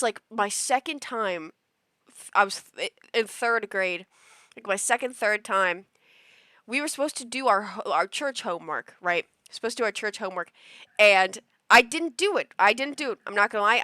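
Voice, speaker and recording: Young woman streamer, bright and high-ish voice, animated rambling storyteller, dry close sound. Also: clear, resonant tone, no echo. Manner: animated and rambling, with frequent restarts, laughs and acted-out quotes. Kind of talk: casual storytelling to a live chat.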